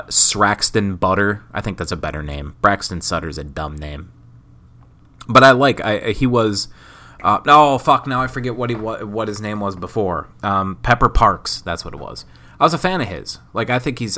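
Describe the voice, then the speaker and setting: Sick, rambling man with a bright voice. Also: fairly low pitch. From Wisconsin, USA. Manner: rambling, self-mocking, jokey. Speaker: podcast host. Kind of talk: casual solo podcast commentary.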